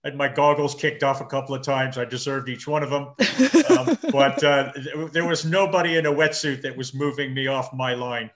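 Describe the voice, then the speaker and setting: A man in his fifties, a marathon swimmer interviewed over a video call, talking with halting restarts and dry understated humor. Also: medium pitch. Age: 50s. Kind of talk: casual interview chat.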